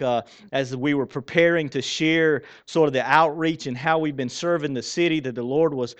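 A man preaching a sermon in a church, conversational and animated, with self-deprecating asides. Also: medium pitch. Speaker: pastor. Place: church sanctuary.

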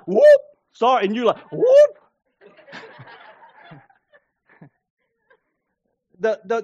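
Animated high-voiced male pastor preaching. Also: no room sound, highs cut off. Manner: animated, acts out scenes with playful voices and laughter. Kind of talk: sermon.

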